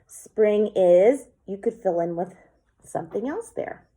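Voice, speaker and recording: A woman teacher giving a slow, clear poetry lesson for children, sounding out words syllable by syllable. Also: medium pitch, expressive, mellow.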